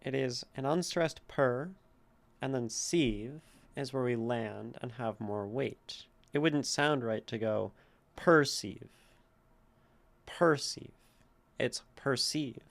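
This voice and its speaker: Male streamer, poetry teacher: unhurried, deliberate, gravelly, sounds out syllables. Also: mid-range voice. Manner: slow, deliberate reading with gravelly tone; explains meter patiently, sounding out syllables.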